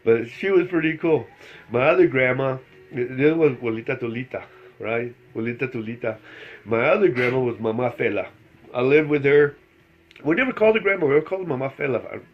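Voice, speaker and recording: Middle-aged El man, Spanish; casual rambling storyteller who chuckles often; average pitch; muffled lo-fi recording. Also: expressive, a little fast. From El Paso, Texas. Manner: rambling, chuckles through the telling. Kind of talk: casual anecdote telling. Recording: slightly dull lo-fi recording.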